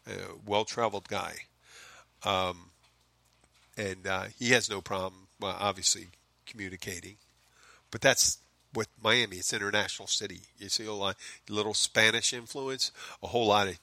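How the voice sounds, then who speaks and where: Philly guy rambling on his comedy podcast, swearing a lot, bright voice, dry close sound. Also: on the low side, steady tone, normal speed, dry recording. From Philadelphia. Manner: rambling, profane, self-mocking asides. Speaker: podcast host. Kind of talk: casual comedic monologue. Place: home in the Florida Keys.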